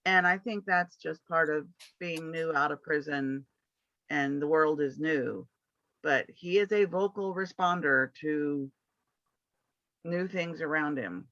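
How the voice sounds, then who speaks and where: Class participant, bright sharp voice, dry and dull lo-fi audio. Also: medium pitch, slow, dry recording. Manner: conversational, explaining with small restarts. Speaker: puppy raiser in training class.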